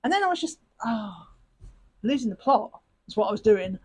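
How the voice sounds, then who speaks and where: A woman's voice: fairly high pitch, sing-song, brisk, husky, low-quality recording. A woman hosting a crafting channel, chatting in a rambling, self-mocking way while she sorts her supplies. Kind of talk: casual chat while sorting craft supplies.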